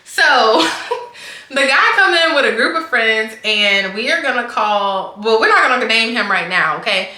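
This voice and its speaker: A woman's voice: fairly high pitch, animated, a little slow, pushed and bright. A young woman telling a casual storytime, chatty and full of "like" and restarts. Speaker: vlogger. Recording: echoey room.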